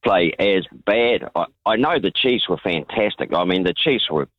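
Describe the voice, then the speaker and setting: Hoarse New Zealand caller on a dull line. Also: male voice, deep voice, lively intonation, moderate pace, no echo. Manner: hoarse, rambling rugby chat. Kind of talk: talkback phone call.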